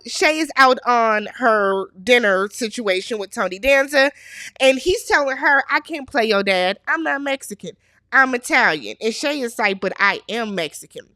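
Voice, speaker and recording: Chatty, opinionated female recap host; slightly high, dry close-mic delivery. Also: normal speed, no echo. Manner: chatty, opinionated, animated quoting of characters. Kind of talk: casual TV recap chat.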